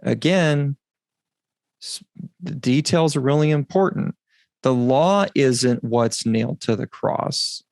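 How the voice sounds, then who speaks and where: A man hosts a Bible teaching podcast, laying out his points slowly and stressing key words. His voice is mid-pitched, and it sounds dry and close on the mic. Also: vocal fry, darkish tone, dry recording. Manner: deliberate, emphatic, explanatory. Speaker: podcast host.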